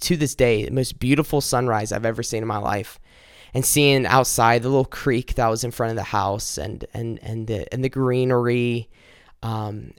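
A young adult man, a minister, giving an earnest personal testimony on a podcast, halting often and restarting his sentences. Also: mid-range voice, clean tone, no room sound, studio quality.

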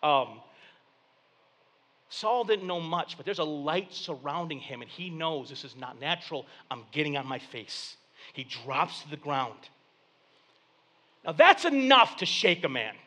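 A man in his thirties delivers a sermon, acting out the story with voices and asides. His voice sits high and swings widely in pitch. It has a bright, sharp edge. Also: unhurried, long pauses. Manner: animated storytelling with acted-out voices and jokes. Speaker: pastor.

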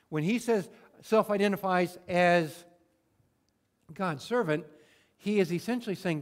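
A man preaching a sermon in a conversational way, acting out prayers in everyday words and moving between emphatic bursts and hushed moments. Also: high voice, expressive, unhurried. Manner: conversational, swings from loud emphatic to soft and hushed. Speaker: pastor.

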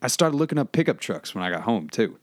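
A man's voice: medium pitch, big pitch swings, quick pace, dry recording, clean studio sound. A man co-hosting a podcast, chatting casually in a joking, rambling way. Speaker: podcast co-host. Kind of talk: casual chat.

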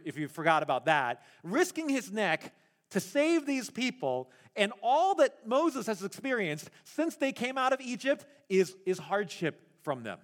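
A man preaching a sermon as pastor, animated and acting out the voices in the story, laughing at his own retellings. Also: high voice.

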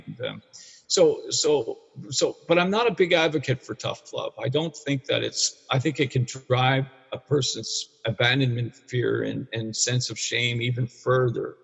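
A husky, somewhat bright mid-range voice with vocal fry, at a measured pace, comes from a Canadian man in his sixties working as an addiction counselor for men. As a guest he candidly tells a hard personal story, rambling and restarting, bluntly and at times profanely, in a dull, echoey room recording.

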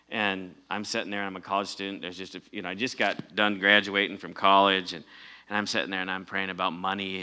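Male pastor, bright and forceful tone, casual sermon delivery with emphatic swells. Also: deep voice, smooth. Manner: conversational preaching, rising to emphatic peaks.

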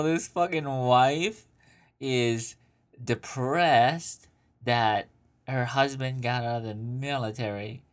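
A man's voice: on the low side, gravelly. A man hosting an advice show, reading listener questions aloud and answering with crude, mocking commentary while laughing. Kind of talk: casual profane advice commentary.

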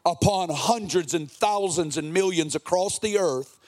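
A man in his forties preaches with a raised, high-pitched voice. His delivery is earnest and impassioned, and at times it lilts into a sing-song cadence. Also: unhurried. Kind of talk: sermon.

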